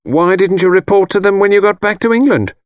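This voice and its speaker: A man's voice: high voice, fairly quick, no room sound, clean studio sound, voice pushed up, natural voice. A male audiobook reader voicing a stern, disapproving middle-aged mother who speaks in clipped, reproachful phrases. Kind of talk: audiobook character voice.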